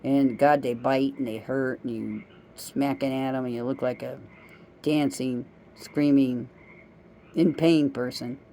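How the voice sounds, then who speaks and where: A woman's voice: a bass voice, fairly even intonation, measured pace, warm tone, slight background noise. A middle-aged woman vlogging in a casual, rambling monologue, chatty and self-amused as she wanders from one story to the next.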